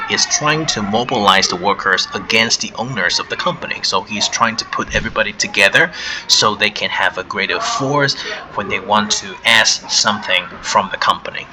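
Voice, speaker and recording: A man teaching English vocabulary in a recorded lesson, explaining each word patiently and repeating words slowly for pronunciation, with brief translations into Chinese. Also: lowish voice, noisy background.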